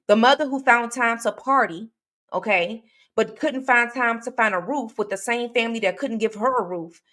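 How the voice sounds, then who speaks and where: A true crime livestream host speaks directly to her viewers in a casual, chatty, rambling way, full of fillers and restarts, reading comments aloud as she goes. Her voice is fairly high-pitched at a normal speed.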